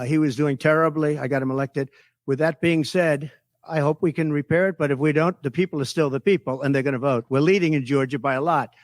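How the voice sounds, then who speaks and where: A man fielding reporters' questions at a press conference, boasting and repeating his points with heavy emphasis. His voice sits a little high for a man. The sound is dry and close. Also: no room sound. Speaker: political candidate at a press conference.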